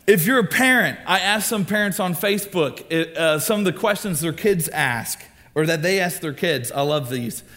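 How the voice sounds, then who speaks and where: Young male youth pastor, sermon delivery, slightly higher voice, animated, acts out quotes. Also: moderate pace. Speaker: student ministry pastor.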